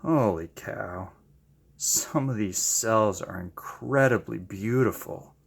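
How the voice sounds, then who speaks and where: A man chatting casually while he paints, gushing with excited exclamations and making self-deprecating asides. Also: on the low side, slow pace, gravelly, husky. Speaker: paint-pouring channel host.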